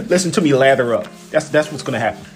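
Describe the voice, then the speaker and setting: A young man talks straight into his phone, swinging his pitch high and low as he fires off disbelieving questions. Faint music plays behind him. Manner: animated, incredulous, rapid-fire rhetorical questions. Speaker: sports fan vlogger. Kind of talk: casual phone-camera rant.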